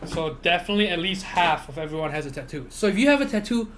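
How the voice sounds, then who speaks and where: A man's voice: high voice, animated, fast talker, fairly bright tone. A young man streaming live, chatting with viewers in a rambling rant full of fillers and swearing. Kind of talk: casual chat with live viewers.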